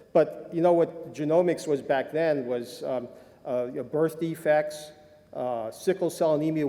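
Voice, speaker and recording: A man's voice: mid-range voice, warm tone. Rambling older man in a reverberant hall. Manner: rambling, self-deprecating, many fillers. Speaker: conference speaker, sports medicine doctor. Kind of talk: conference talk with anecdotes. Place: lecture hall.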